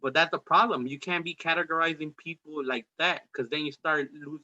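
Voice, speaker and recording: A man's voice: fairly high pitch, steady tone, brisk, pushed and bright, highs cut off. A man hosting a casual talk show, rambling and profane, with streetwise slang. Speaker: podcast host. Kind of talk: casual political debate chat.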